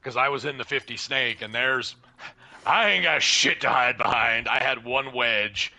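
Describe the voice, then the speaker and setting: A man telling a profane, animated paintball story in casual chat, acting out what people said. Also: mid-range voice, moderate pace, vocal fry. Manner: profane, animated, acts out dialogue.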